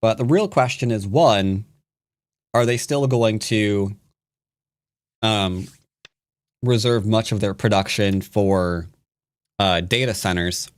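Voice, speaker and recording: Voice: medium pitch, slow, long pauses. An American streamer giving casual, playful commentary over a board game, muttering and humming along. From United States. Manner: playful, muttering, hums to themself.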